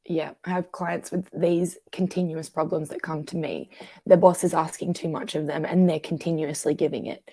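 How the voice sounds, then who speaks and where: A woman's voice: sits low, moderate pace, dry recording, clean studio sound. A woman therapist in a conversational podcast, explaining patterns and acting out what people say. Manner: acts out quoted voices, animated.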